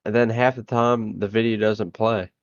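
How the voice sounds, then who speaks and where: A man's voice: fairly low pitch, steady tone, moderate pace, dry recording. A man co-hosting a podcast in casual crude banter, laid-back and rambling with lots of fillers. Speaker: podcast co-host. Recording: dull dry lo-fi mic.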